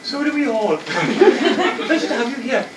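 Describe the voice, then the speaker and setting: A woman's voice: on the high side, big pitch swings, a little slow. A woman improvising comedy on stage, giggly and often laughing. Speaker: improv performer. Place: theatre stage. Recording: roomy, distant, loud crowd and noise.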